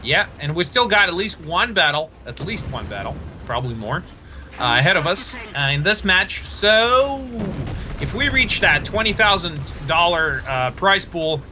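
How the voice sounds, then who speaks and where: A man casting a live tank match, excitable, laughing often and stumbling over player names. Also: a little high, normal speed, noisy background. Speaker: esports caster.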